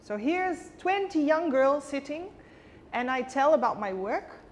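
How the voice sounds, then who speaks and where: A woman with a high, expressive voice tells a personal story as a guest in a conversation, taking her time and acting out the dialogue with vivid emotion. The recording has a long reverb and faint background noise.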